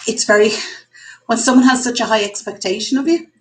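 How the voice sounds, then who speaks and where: A woman's voice: a little high, fairly quick, low-quality recording. Candid chatty Irish woman in her forties. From Ireland. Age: 40s. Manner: candid and chatty, thinking aloud. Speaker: vlogger hosting a live stream. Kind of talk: casual live chat. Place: home kitchen. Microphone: computer mic.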